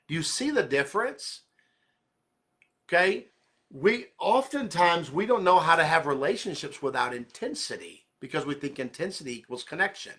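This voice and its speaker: A man's voice: sits high, very animated, normal speed, sharp tone. A man pastor giving a conversational sermon, earnestly checking in with listeners and often rephrasing mid-thought.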